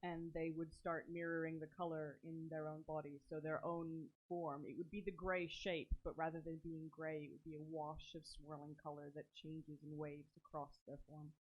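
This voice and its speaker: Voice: medium pitch, little pitch movement, moderate pace, few pauses. A tabletop game player thoughtfully describing a character's actions, with some hesitation. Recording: slightly dull lo-fi sound.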